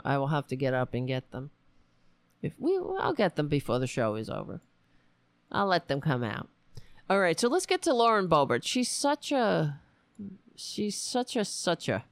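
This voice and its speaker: A woman's voice: low voice, creaky, no echo. A middle-aged American woman hosting a political talk stream from home, rambling and swearing, laughing often and chatting with her viewers. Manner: rambling, profane, laughs often, talks to chat. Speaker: political talk show host. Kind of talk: casual live-stream commentary.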